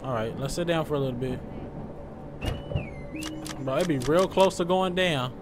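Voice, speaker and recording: A young man giving joking, loud let's-play commentary, full of slang as he reacts to the game. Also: a little high, normal speed, over music. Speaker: gaming streamer.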